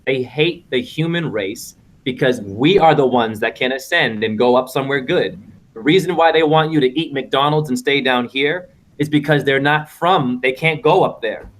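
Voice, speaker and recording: A man's voice: medium pitch, normal speed. A man hosting a casual online panel, lecturing in a rambling way with wordplay over a video call.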